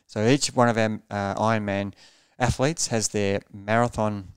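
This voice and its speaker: A man's voice: fairly low pitch, steady tone, unhurried, smooth, no echo, clean studio sound. A man coaching triathletes in a podcast interview, explaining pace earnestly and repeating words as he thinks.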